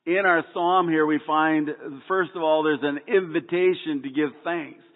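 A man's voice: fairly high pitch, fairly even intonation, measured pace. A man preaching a sermon, opening with folksy jokes and stumbling through restarts and fillers. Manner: folksy joke-telling with frequent ums and restarts. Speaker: pastor. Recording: echoey hall over a tinny phone-like line.

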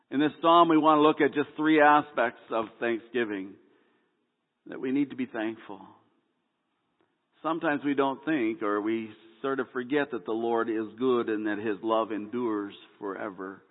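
A man gives a sermon in a folksy, joke-telling way, often stumbling into fillers and restarts. His voice sits at an ordinary middle pitch. It comes through a tinny, phone-like line with a long hall echo behind it. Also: a little slow. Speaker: pastor.

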